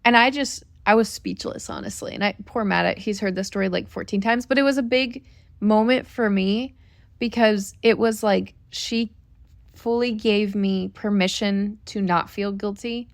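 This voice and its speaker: In a dry recording, a woman of medium pitch speaks at a moderate pace while co-hosting a family podcast. She shares a personal story in an earnest, reflective tone, like a casual storytelling chat.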